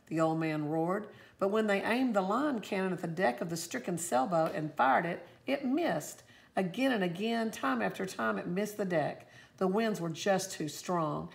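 A woman teacher reading a storybook aloud with expressive, lively storytelling. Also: lowish voice, moderate pace, creaky.

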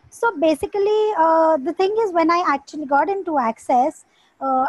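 A woman's voice: high voice, no echo, dull audio. A woman asking for coaching, talking hesitantly with many fillers and restarts. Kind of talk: casual call conversation.

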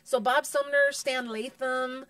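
A woman, a comedian, telling stories in casual chat, animated and profane, acting out other people's voices. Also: high-pitched, slow pace, no echo, recorded from a distance. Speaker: guest comedian.

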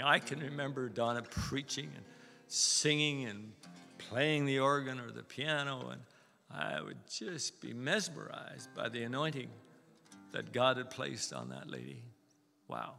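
A man's voice: mid-range voice, vocal fry, bright, forceful tone, long reverb tail. A man in his seventies, a guest preacher giving a chatty, folksy, anecdotal sermon in a church. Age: 70s. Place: church sanctuary.

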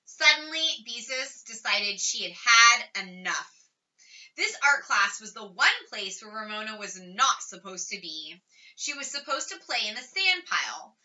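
A woman reading a children's chapter book aloud with lively, expressive storytelling. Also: on the high side, a little slow. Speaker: audiobook reader. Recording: slightly distant, dull lo-fi recording.

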